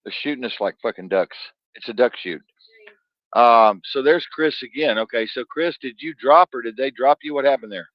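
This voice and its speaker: A man hosting a podcast, chatting in a rambling, animated way and swearing freely. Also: mid-range voice, moderate pace, dry recording, muffled recording. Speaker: podcast host. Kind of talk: casual podcast chat.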